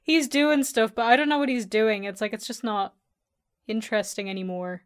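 A woman's voice: a little high, steady tone, moderate pace. Dry, blunt woman, podcast guest. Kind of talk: casual chat.

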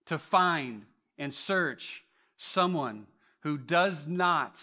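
Male pastor, bright, slightly high voice; lively sermon storyteller who swings from hushed to booming, repeats words as he goes. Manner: frequent restarts and repeated words.

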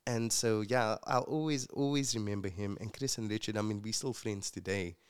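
A lowish, smooth male voice at normal speed, from a man from South Africa. In a relaxed interview where he's a guest and soon-to-be co-host, he thoughtfully and sincerely tells his life story, using many fillers.

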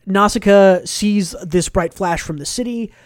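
On a podcast, a male co-host with a fairly high voice casually recaps a comic for a book club discussion, using lots of fillers and acting out quotes. He takes his time, and the recording is close and dry, with no echo or room sound.

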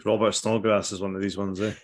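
Wry low-voiced Scottish man. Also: level tone, quick pace. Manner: laughing, wry, teasing. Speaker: podcast host. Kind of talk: casual podcast chat.

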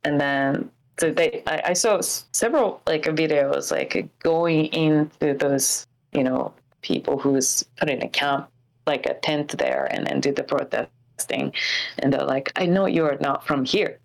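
Woman from Japan, casual stream chat, halting delivery, low and gravelly. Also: poor audio. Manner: halting, many fillers and restarts.

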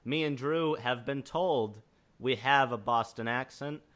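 Bright-voiced American man co-hosting. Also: medium pitch, a little slow. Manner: rambling, laughs often. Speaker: podcast co-host. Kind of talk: casual interview chat.

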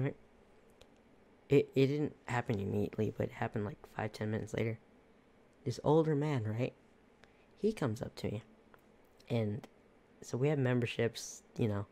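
A laid-back podcast host recounting a work story in a loose, rambling way, laughing often. The voice is dark and mellow, at a middle pitch. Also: creaky. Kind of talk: casual storytelling.

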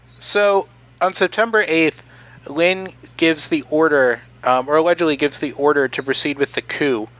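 Halting young man telling history. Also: fairly high pitch, fairly bright tone, lo-fi sound. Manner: halting, many "um" and "like" fillers. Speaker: podcast co-host presenting the history. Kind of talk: casual podcast chat, recounting history.

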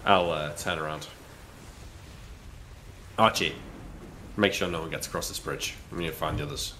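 A man's voice: very deep voice, normal speed, sharp tone, slight background noise. A man joking playfully as a player in a tabletop game. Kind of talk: casual tabletop game chat.

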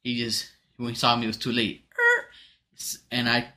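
Animated bright-voiced man telling a story. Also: medium pitch, normal speed. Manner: animated, profane, slangy, mixes in Spanish. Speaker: podcast co-host telling a story. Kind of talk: casual storytelling chat.

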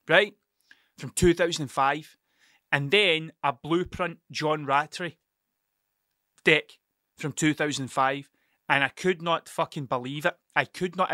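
A man's voice: on the high side, bright, forceful tone, no room sound, clean studio sound. A Scottish man in his thirties with an Ayrshire accent, hosting a podcast and telling a rambling, sweary story that keeps wandering off track. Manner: sweary, digressive, restarts mid-sentence. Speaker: podcast host.

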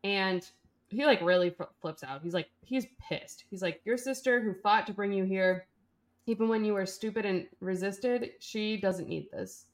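A woman's voice: mid-range voice, moderate pace. A woman co-hosting a podcast, casually retelling a book's scenes and quoting the characters as she goes. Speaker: podcast co-host. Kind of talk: casual book recap.

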